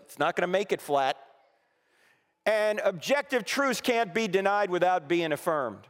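A man delivers a sermon, pressing his points with rhetorical questions and acting out the voices he quotes. His voice sits a bit high for a man. A long reverb trails his words through the church hall. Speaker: preacher. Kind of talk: sermon with slides. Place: church auditorium.

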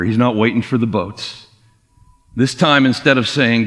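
A man's voice: lowish voice, moderate pace. A man preaching a sermon as pastor, telling the story in a casual way. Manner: casual storytelling with lively acted quotes. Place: church sanctuary. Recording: long reverb of a large hall.

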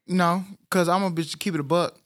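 A man's voice: sits high, steady tone, fairly quick, fairly bright tone. A man co-hosting a podcast in casual chat, playful and jokey, with a slight lisp on his R sounds. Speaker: podcast co-host.

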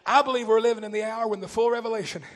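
A man from East Tennessee, preaching a fervent sermon that swings between shouting and a low, intense voice. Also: fairly even intonation, very fast.

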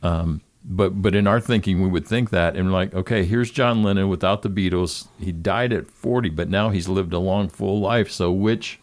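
A man's voice: deep voice, normal speed, hardly any pauses, no echo. A man co-hosting a casual chat, reflecting on scripture in a thoughtful way. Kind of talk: casual church podcast chat.

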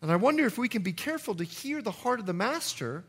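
A man preaching a sermon as pastor, telling a story with jokey asides and swinging between loud and hushed delivery. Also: sits high, big pitch swings, fast talker, husky.

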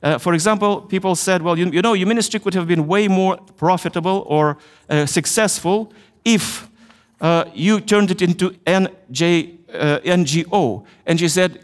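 A man's voice: sits high, moderate pace. Ukrainian-accented man preaching in echoing hall. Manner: earnest storytelling with frequent hesitations. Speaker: chapel speaker. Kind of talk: chapel sermon. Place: university chapel. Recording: long hall reverb.

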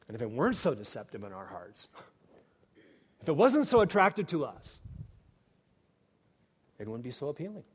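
A man delivering a sermon as pastor, earnest and shifting between hushed, quiet passages and emphatic, raised ones. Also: medium pitch, huge pitch swings, moderate pace, pauses often, slightly rough. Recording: long hall reverb.

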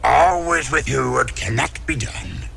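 A tiny ancient master in a film, speaking very slowly with a deeply gravelly, bright, pinched voice. He scolds in stern, inverted sentences, and faint ambience sits beneath him. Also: lively intonation, slight background noise, heavily acted. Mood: scolding. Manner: inverted word order, scolding. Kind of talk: film dialogue.

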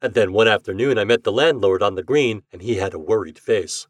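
Male storyteller, podcast reading, husky voice, dry close sound. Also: lowish voice, a little fast, no echo. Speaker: podcast reader. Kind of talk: storytelling narration.

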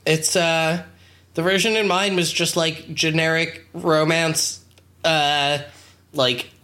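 A co-host wryly recounts an episode in casual chat. The pace is very slow and the voice bright and crisp. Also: mid-range voice, flat delivery. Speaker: podcast co-host.

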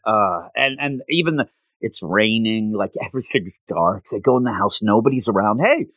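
A man's voice: fairly low pitch, normal speed, fairly bright tone, no room sound. A man in casual chat, animatedly retelling a story and jumping his voice up when quoting characters.

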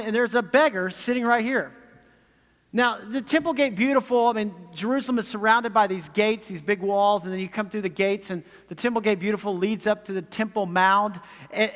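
A man's voice: high voice, fairly bright tone, in a large hall. A man preaching a sermon as pastor, conversational, with frequent asides to the congregation. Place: church sanctuary.

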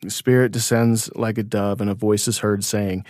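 A man's voice: on the low side, flat delivery, normal speed, a little mellow, no room sound, studio quality. Reflective man co-hosting a faith podcast. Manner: reflective, laughs easily, restarts. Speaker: podcast co-host. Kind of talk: casual faith conversation.

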